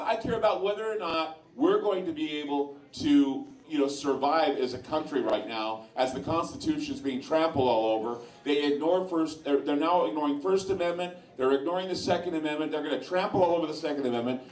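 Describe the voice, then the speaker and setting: His voice is a little high and darkish, moving fairly quickly with few pauses. A radio host talking informally to a bar crowd at a sports lounge, he's blunt, opinionated, and crude at times, captured in an echoey room far from the mic.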